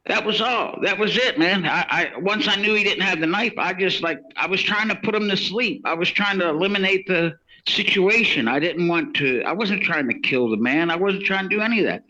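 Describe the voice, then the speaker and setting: A man's voice: high voice, a little fast, few pauses, sharp tone. Rambling man, lo-fi recording. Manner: rambling, many restarts and quoted dialogue. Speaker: interviewee telling his case. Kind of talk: casual storytelling.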